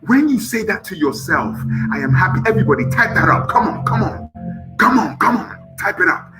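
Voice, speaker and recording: A man's voice: high voice, sing-song, a little fast, over music, low-quality recording. A man hosting a live motivational show, leading chanted affirmations and breathing, preaching fervently and urging viewers to respond. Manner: fervent and preachy, swinging from shouts to soft whispers; leads call-and-response, urging viewers to repeat and type. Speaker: motivational live-stream host.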